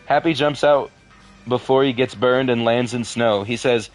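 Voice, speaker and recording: Deadpan man reading with wry asides. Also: medium pitch, moderate pace, soft background music. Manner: deadpan asides, swears in frustration. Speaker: video creator reading a horror story. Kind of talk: casual reading with commentary.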